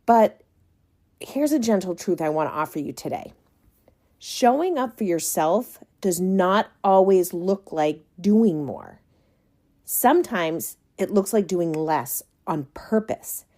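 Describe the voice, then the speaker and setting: A woman hosting her own wellness podcast, talking in a soft, slow, reassuring way with small laughs. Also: on the low side, lively intonation. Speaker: podcast host and coach. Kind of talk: gentle reflective podcast monologue.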